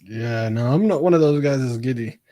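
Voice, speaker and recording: A man's voice: medium pitch, brisk, warm tone, dry recording. Male co-host, plain-spoken football fan, dry room. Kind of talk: casual football chat.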